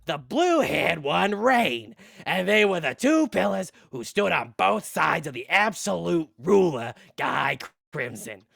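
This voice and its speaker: A man's voice: on the high side, very animated, slow, vocal fry, fairly bright tone, no echo. A young man, a voice actor, reading novel narration aloud, building it up dramatically. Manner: dramatic, builds to big declamation.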